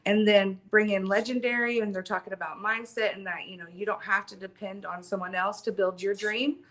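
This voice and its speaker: A woman's voice: medium pitch, fairly even intonation, fairly quick, fairly bright tone. A middle-aged woman telling her story animatedly as an interview guest, with lots of ums and emphasis.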